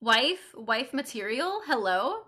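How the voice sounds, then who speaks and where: A woman's voice: a little high, very animated, slow pace, bright, forceful tone. A woman streamer chatting casually and swearing as she plays through a game. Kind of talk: casual game playthrough chat.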